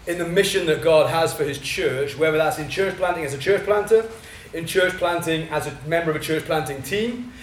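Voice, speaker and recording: A Welsh man teaches a church training group, rushing excitedly through his points with fillers and restarts. His voice sits a little high. He is picked up from some distance in a reverberant hall with faint background noise. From Wales. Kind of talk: teaching talk at a workshop. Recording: echoey room, mic at a distance.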